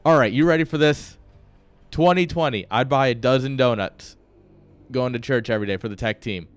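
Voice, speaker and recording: A male game caster with an average, mid-range pitch chats loosely on a live stream, drifting between jokes and calls on the game and swearing casually along the way. His tone is brisk and clean, the recording is dry, and faint music plays in the background.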